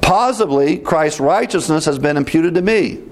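A man teaching through Bible verses in a deliberate, emphatic way, repeating references as he goes. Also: a little high, animated.

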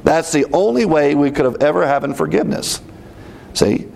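A man teaching through Bible verses in a deliberate, emphatic way, repeating references as he goes. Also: fairly high pitch, gravelly, a little mellow.

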